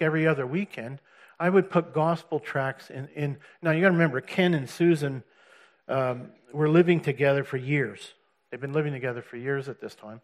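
A middle-aged man telling the story of his faith in a casual way, acting out the voices of the people he quotes and chuckling as he goes. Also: fairly high pitch. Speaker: testimony speaker. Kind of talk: personal faith testimony.

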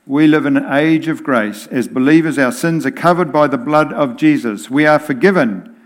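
A man preaching a sermon in a deliberate, emphatic way. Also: on the high side.

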